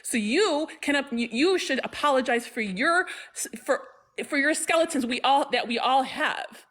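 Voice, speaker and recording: A woman's voice: sits high, normal speed, fairly bright tone. A Palestinian woman joining a livestream, speaking with emphatic anger and stumbling repetitions. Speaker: livestream guest. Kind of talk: impassioned casual talk.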